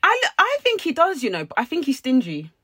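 A woman's voice: high-pitched, a little fast, no room sound, studio quality. A woman, co-hosting a podcast in casual chat and telling stories with animation. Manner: chatty, animated storytelling. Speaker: podcast co-host.

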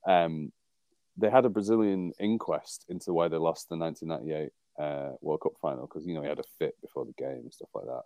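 A man's voice: very deep voice, brisk, warm tone, dry recording. A man from England co-hosting a rugby podcast in casual chat, rambling and wry, often laughing at his own jokes. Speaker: podcast co-host.

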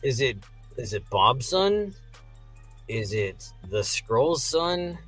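A man's voice: medium pitch, breathy edge, faint music behind. A man co-hosting a podcast, casually chatting about a TV episode, asking questions about the plot and laughing easily. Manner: animated and questioning, quick to laugh. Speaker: podcast co-host. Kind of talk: casual chat recapping a TV episode.

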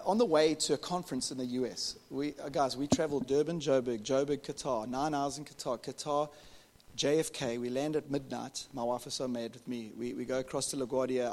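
Pastor preaching in a reverberant hall. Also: male voice, on the high side. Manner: animated storytelling, jokes with the congregation. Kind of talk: sermon.

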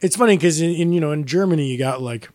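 A man co-hosting a casual podcast chat, telling a rambling, animated story full of fillers and restarts. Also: a little high, fast talker, dry recording. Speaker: podcast co-host.

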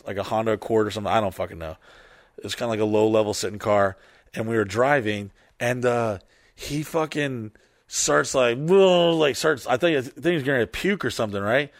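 A man spins a rambling, swear-filled story in casual chat. He gets loud and lively at the big moments. The sound is dry and close. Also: medium pitch, no echo. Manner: animated, profane, rambling storytelling.

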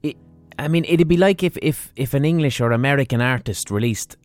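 A man hosts a podcast in a casual monologue. He talks bluntly, swears freely and rants from point to point, at a medium pitch. Faint music sits underneath his voice. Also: fairly quick, no echo. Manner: blunt, profane and ranting. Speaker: podcast host.

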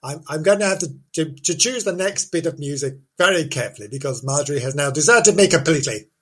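A man's voice: on the high side, animated, fast talker, breathy edge. A man hosting, telling a folk tale as a comic monologue, full of rambling self-interruptions and silly asides. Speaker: host.

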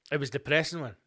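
A middle-aged Scottish man ranting on his own show, his voice sitting a bit higher than most men's. He swears freely and drifts from tangent to tangent. He tells his stories with lively, animated energy. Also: slightly rough. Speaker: podcast host. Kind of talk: casual solo rant.

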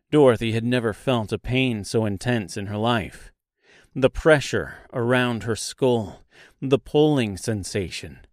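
A man narrating a dark fantasy audiobook in a slow, deliberate storytelling manner. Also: medium pitch, no echo, studio quality.

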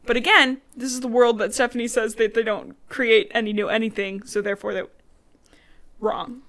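Animated young woman recapping a book. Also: on the high side, moderate pace. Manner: animated, swearing, quoting characters in her own voice. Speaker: podcast co-host. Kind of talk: casual book recap chat.

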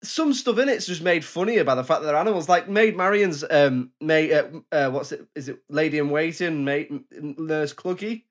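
Man, podcast co-host, casual chat, animated, fairly high voice. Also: a little fast, few pauses. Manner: chatty, animated, laughs easily.

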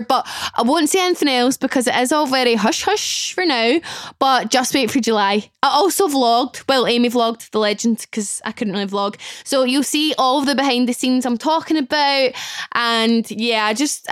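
A woman's voice: a little high, no echo, studio quality. A Scottish woman in her twenties hosting a podcast, gushing and emotional, often laughing as she chats casually. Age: 20s. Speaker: podcast host. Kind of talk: casual chat.

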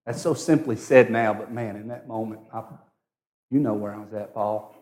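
A man preaching a sermon, telling a personal story and swinging from hushed, intimate tones to loud, excited cries. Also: lowish voice, normal speed.

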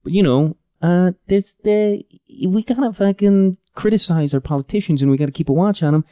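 A man in his thirties hosts a comedic podcast monologue, griping about everyday annoyances in a profane, rambling way. His voice is mellow and relaxed, recorded dry and close with no room sound. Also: sits high, brisk, clean tone, no room sound. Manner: profane, exasperated, rambling with restarts. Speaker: podcast host.

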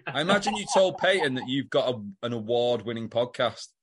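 A man's voice: mid-range voice, very animated, moderate pace, husky. A British man co-hosting a podcast, casually recapping a soap episode, joking and swearing freely. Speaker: podcast co-host.

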